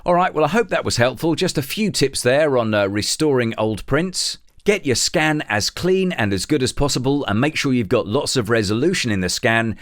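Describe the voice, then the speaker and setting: A man, walking through a photo editing tutorial step by step in a relaxed, explanatory way. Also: mid-range voice, normal speed, few pauses, no echo, clean studio sound. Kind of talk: software tutorial.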